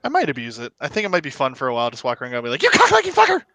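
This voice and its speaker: A man's voice: mid-range voice, lively intonation, rapid-fire, noisy background. A man in a casual podcast chat, tossing wisecracking quips.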